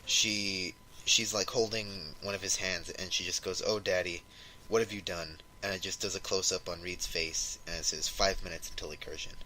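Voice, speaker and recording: A man's voice: sits low, fairly even intonation, moderate pace, hardly any pauses, bright, forceful tone, slight background noise, poor audio. A man co-hosting a podcast, casually retelling a comic story and acting out the characters' lines with lots of "like". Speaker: podcast co-host.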